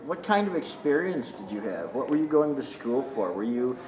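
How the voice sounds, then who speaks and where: A man asks loosely phrased interview questions in a casual voice of middle pitch. The recording is roomy, with a faint steady noise behind him. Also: moderate pace.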